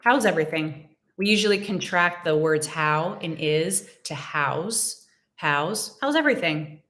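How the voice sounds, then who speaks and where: A young American woman teaching English in a live Q&A, explaining phrases slowly and repeating examples. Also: deep voice, animated, fairly bright tone. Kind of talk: live-stream Q&A lesson.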